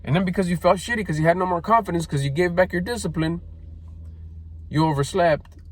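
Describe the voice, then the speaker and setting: A middle-aged man with a high-pitched voice speaks briskly in a blunt, profane motivational talk. He scolds listeners and mocks their excuses by putting on whiny voices.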